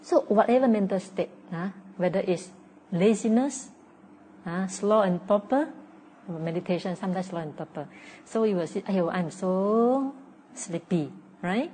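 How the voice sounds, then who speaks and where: A woman's voice: medium pitch, moderate pace, mellow, slight background noise. A woman giving a Buddhist dharma talk as a meditation teacher. She explains patiently in simple, repeated sentences with non-native phrasing, often tagging her points with "huh?" or "okay?" and acting out the inner voices of her students. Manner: acts out inner voices of students in quoted lines.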